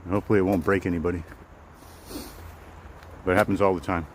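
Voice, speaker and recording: A man's voice: low-pitched, fairly even intonation, fast talker, a little hiss or hum, rough recording. A man casually chatting with live viewers while walking outdoors in the woods, rambling and repeating himself. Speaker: vlogger hosting a live walk.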